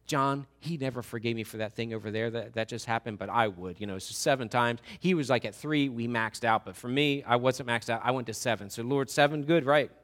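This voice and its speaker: A male pastor preaching a sermon in a chatty, animated way, with loud bursts and sudden quiet asides. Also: medium pitch, brisk, hardly any pauses. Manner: animated, conversational, swings between loud bursts and near-whispers.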